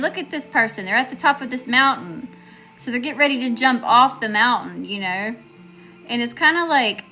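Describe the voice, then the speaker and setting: A woman's voice: a little high, pushed and bright. A woman with a Southern accent doing a live tarot reading, chatty and casual, greeting viewers by name between cards. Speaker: tarot reader.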